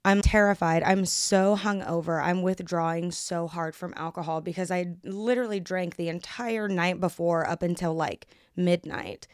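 A young woman from Kansas with an American accent tells her own story on her podcast. Her voice sits low and smooth, and the close mic leaves the sound completely dry. She talks candidly and bluntly, swears freely and acts out what others said. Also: fairly even intonation, dry recording. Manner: brisk, acts out others' lines. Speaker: podcast host. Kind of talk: casual storytelling monologue.

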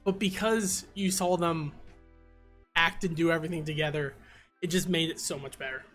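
A man's voice: a little high, steady tone, moderate pace, a bit bright, soft background music. A man in casual podcast chat, laughing often and retelling comedy scenes with acted quotes. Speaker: podcast co-host.

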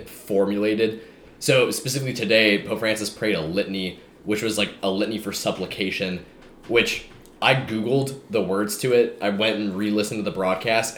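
A man co-hosting a podcast in casual chat, rambling and filling his talk with "like". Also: fairly low pitch. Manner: rambling, full of "like" fillers. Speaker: podcast co-host. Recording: echoey room, faint background hum.

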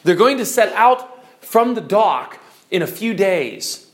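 A male teacher animatedly retelling a classic novel's story to his class, pausing to explain terms. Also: high-pitched, big pitch swings.

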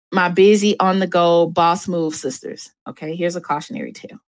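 A woman's voice: lowish voice, no echo. A woman hosting a show, talking candidly and emphatically about faith and dating, speaking straight to her listeners. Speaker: host.

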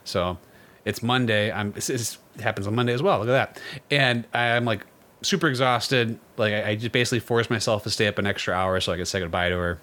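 A man's voice: fairly low pitch, bright, forceful tone. Laid-back man co-hosting a chat. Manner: laid-back, quick backchannels, joking. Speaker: podcast co-host. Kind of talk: casual chat.

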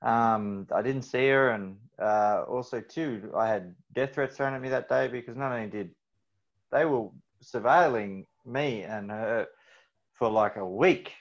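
A man, hosting a podcast and telling a candid personal story in a halting way with many fillers. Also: mid-range voice. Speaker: host. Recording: slightly dull audio.

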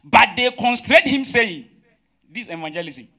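Preaching in church, this pastor has a very high-pitched, expressive voice and speaks a little slowly. His sermon moves between quiet asides and loud, emphatic bursts as he calls out questions.

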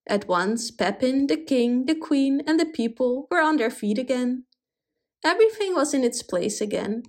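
A woman reading a fairy tale aloud in an expressive, animated way. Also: high voice, normal speed. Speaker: storyteller. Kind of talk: storybook reading.

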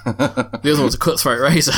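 A young man chats on his podcast, telling a story with lots of swearing and laughter. His voice is bright and forward, at a middle pitch, and he talks into a headset mic. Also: brisk, breathy edge. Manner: swears freely, laughs often, lively storytelling. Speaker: podcast host. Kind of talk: casual chat. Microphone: headset mic with headphones.

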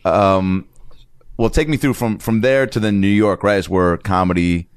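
A man's voice: fairly low pitch, normal speed, clean tone. Rambling man co-hosting a podcast. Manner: rambling, restarts questions, joking. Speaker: podcast co-host. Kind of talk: casual podcast chat.

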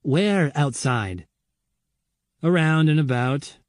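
A man's voice: on the high side, animated, takes it slowly, dry recording, studio quality, voice pushed up. A man reading a curt, short-tempered survivor. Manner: curt, scolding. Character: gruff grown man, short-tempered, brooding.

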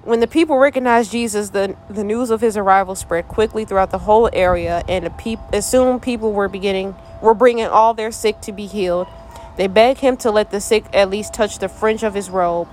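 With a medium-pitched, somewhat mellow voice and a brisk pace, a woman runs an informal Bible study over faint background music. Lighthearted jokes pepper her scripture reading before she shifts into sincere, thoughtful application.

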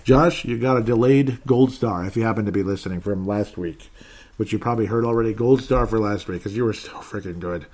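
A man's voice: on the low side, fairly quick, darkish tone. A man hosting a fan podcast, reading listener comments aloud in a casual, joking way and laughing often. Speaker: podcast host.

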